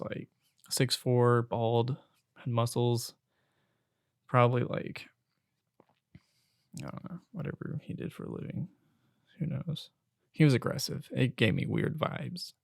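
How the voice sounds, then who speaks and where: Young man, podcast host, casual rant, gravelly edge, loud bursts and hushed asides, dry close sound. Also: medium pitch, no echo. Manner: animated storytelling, swings between loud outbursts and hushed asides. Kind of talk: casual ranting monologue.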